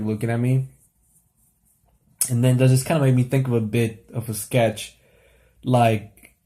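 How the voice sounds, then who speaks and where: A man's voice: mid-range voice, warm tone. A young man talking casually to camera late at night, rambling with lots of fillers and restarts.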